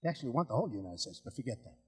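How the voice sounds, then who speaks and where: A man's voice: mid-range voice, big pitch swings, rapid-fire, slightly rough. An older man giving a rambling, boastful political speech to an audience, repeating himself and acting out phone calls. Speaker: political speaker. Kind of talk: rally speech. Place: large hall before an audience. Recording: speech in a large echoing hall.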